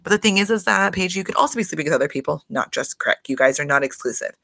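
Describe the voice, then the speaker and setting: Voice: medium pitch, animated, quick pace, vocal fry, bright, forceful tone, no room sound. A host giving a casual, profane solo recap of a reality show, talking straight to listeners and using lots of "like" as filler. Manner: chatty, profane, frequent filler "like"; addresses listeners directly.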